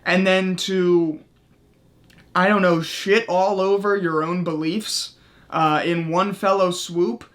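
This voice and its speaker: A man's voice: high-pitched, a bit bright. A man hosting his own commentary channel, ranting in a profane, exasperated way and tagging his points with a sarcastic "okay?". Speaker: commentary YouTuber.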